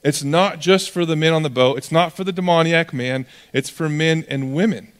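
A young man preaching a sermon as pastor, in a conversational, animated way that acts out characters. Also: a little high, moderate pace. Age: young adult. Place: church hall. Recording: long reverb of a church hall.

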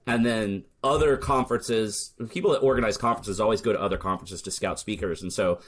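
A man's voice: on the low side, fairly quick. An American man being interviewed on a casual podcast, telling stories in a candid, joking way and playing up sarcastic asides. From United States. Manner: candid, storytelling, swears, jokes sarcastically. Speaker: podcast guest, search marketer.

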